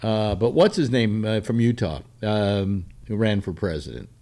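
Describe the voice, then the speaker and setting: A man hosting a casual political talk show, rambling with many halting restarts. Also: lowish voice, expressive, dark tone.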